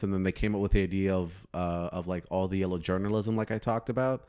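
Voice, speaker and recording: A young man with a low, smooth and resonant voice tells a long story in loose, casual chat. He rambles and swears freely as he goes. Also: fairly even intonation, fast talker, darkish tone.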